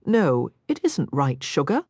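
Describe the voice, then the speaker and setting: A woman's voice: low-pitched, very animated, a little slow, darkish tone, husky, no room sound, exaggerated voice. A woman voicing a cheerful, affectionate mother in her late forties who coaxes and soothes. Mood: soothing. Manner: coaxing, affectionate. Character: warm, cheerful middle-aged mother, soothing.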